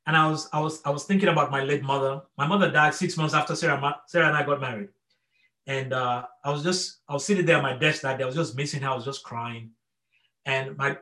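A man's voice: on the high side, sharp tone. Earnest male preacher in an echoey room. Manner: earnest, repetitive restarts, frequent "okay?" check-ins. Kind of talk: sermon.

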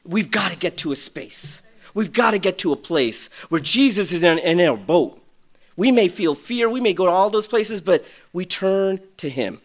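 A man preaching a sermon, swinging from shouted peaks to quiet storytelling. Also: sits high, lively intonation, normal speed. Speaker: pastor.

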